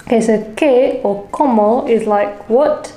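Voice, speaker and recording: A woman's voice: a little high, measured pace, warm tone, echoey room, rough recording. A woman co-hosting a casual language lesson, explaining phrases in English in a chatty, friendly way. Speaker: co-host.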